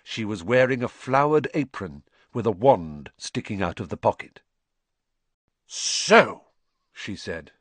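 A man narrates a fantasy audiobook with an animated, wide-ranging delivery. The recording is dry and close, with no room sound. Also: fairly low pitch, normal speed, hardly any pauses, no echo. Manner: expressive storytelling. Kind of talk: scripted narration.

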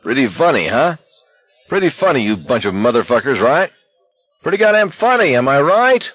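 A man voicing an unhinged, reckless young male walker who yells hoarse taunts. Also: on the low side, lively intonation, a little fast, no room sound, lo-fi sound. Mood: screaming taunts.

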